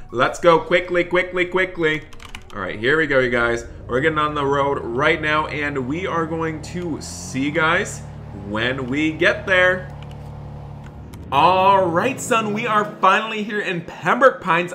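A man playing a dad in an animated game roleplay, excitable and often scolding his son. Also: mid-range voice.

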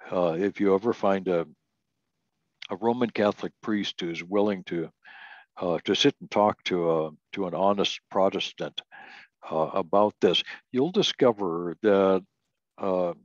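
An older man teaches doctrine in a slow, careful lecture, pausing on "uh" as he works through scripture. His voice sits on the lower side. The recording is dry and dull, with a lo-fi sound. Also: no room sound. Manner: slow, deliberate, reads scripture aloud, frequent "uh" restarts. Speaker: Bible teacher. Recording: dull lo-fi audio.

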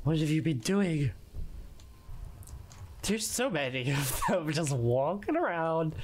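A woman's voice: deep voice, sing-song, slow pace, long pauses, background noise. A woman streamer giving jittery gameplay commentary, talking to herself with whispered asides.

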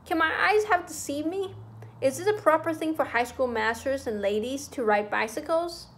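A woman's voice: high voice, normal speed, fairly bright tone, slight background noise. A woman voicing a fussy, anxious, old-fashioned male schoolmaster who lectures primly and frets. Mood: shocked. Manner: agitated, prim and lecturing.

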